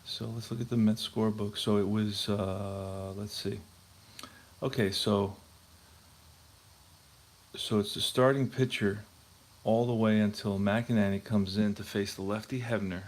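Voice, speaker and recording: A man's voice: fairly low pitch, steady tone, unhurried, pauses often, a little mellow. A man hosting a tabletop baseball replay, chatting casually and thinking aloud as he checks scorebooks. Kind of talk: casual talk while playing.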